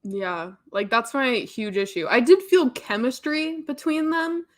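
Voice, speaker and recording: A young woman chats casually as a book club co-host, her voice sitting a little high. She gives strong opinions and laughs often. She quotes characters in playful put-on voices. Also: a little slow.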